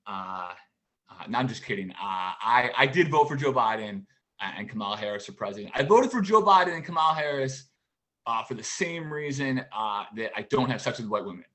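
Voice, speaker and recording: Halting deadpan man in his forties. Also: medium pitch. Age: 40s. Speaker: stand-up comedian. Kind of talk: stand-up routine. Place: at home for a virtual show.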